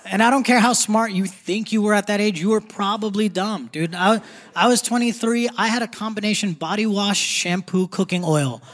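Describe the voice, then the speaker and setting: A man's voice: high-pitched, moderate pace, a bit bright, in a large hall. A young man doing a stand-up set, punchy and conversational, laughing through his jokes. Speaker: stand-up comedian. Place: theater stage before a live audience. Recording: live theater crowd noise.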